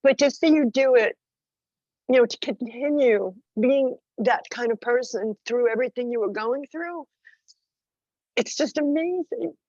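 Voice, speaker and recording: A woman's voice: fairly high pitch, moderate pace, a little mellow, no echo, muffled recording. A woman speaking in an emotional, rambling tribute over a video call, tearful and full of fillers. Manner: gushing, rambling with many fillers. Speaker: friend calling in.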